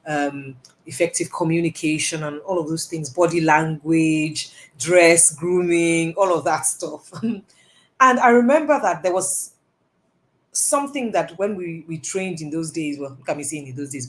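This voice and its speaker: Chatty, animated woman coaching speech. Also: normal speed. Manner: animated, lots of stressed words and rising pitch; chatty with self-asides and laughs. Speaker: communication coach. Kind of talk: casual online lesson.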